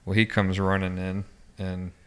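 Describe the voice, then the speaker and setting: Male podcast guest, low voice, monotone, halting recollection with restarts. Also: clear, resonant tone. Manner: halting, with frequent restarts and fillers. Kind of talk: personal recollection in an interview.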